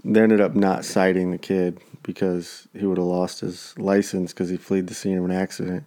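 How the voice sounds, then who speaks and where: A man's voice: low voice, flat delivery, normal speed, dark tone. A man telling a neighborhood story in casual chat, acting out the people he quotes.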